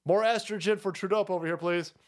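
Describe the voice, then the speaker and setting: A man's voice: sits high, steady tone, fast. A man hosting a livestream, ranting in a profane, mocking and abrasive way. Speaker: streamer host. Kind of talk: livestream rant.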